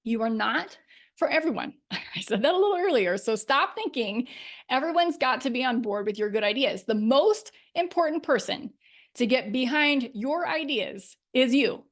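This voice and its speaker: Upbeat woman coach, slightly high voice. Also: animated, normal speed. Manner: upbeat, emphatic, laughs often. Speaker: life coach, podcast host. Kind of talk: solo podcast talk.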